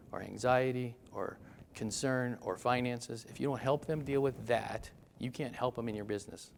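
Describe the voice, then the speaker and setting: Gravelly, chatty seminar speaker, a man. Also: medium pitch, slight background noise. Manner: chatty storyteller, self-deprecating. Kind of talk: motivational seminar talk.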